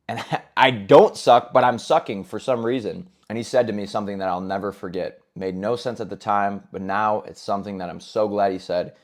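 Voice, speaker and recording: A young man in his twenties with a somewhat low voice talks straight to the listener. His tone is candid and earnest, and it stays casual, like a personal story shared among friends. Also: steady tone, a little fast. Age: 20s. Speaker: self-improvement vlogger.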